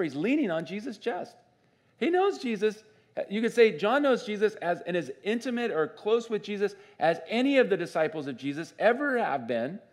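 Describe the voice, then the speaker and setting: A man preaching a sermon as pastor in a church, conversational and animated, often asking the congregation questions. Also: high voice. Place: church sanctuary.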